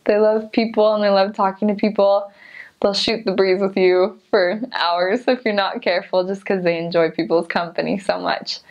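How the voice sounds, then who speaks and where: A young woman chatting casually about places she has lived, giggling often and filling her talk with "like". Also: mid-range voice. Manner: chatty, giggly, many "like" fillers. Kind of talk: casual storytelling. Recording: slightly dull lo-fi sound.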